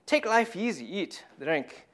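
A man voicing a boastful rich farmer in a put-on Scottish accent, musing slowly and pleased with himself. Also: high-pitched, very animated, a bit bright, exaggerated voice. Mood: pleased scheming.

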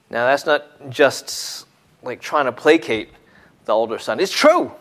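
A man preaching a sermon in an expressive way, dropping to hushed tones and then rising to emphatic points. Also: medium pitch, a little slow.

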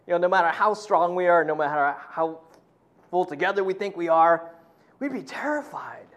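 A male pastor giving a sermon, telling stories in a conversational, animated way. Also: high-pitched, brisk.

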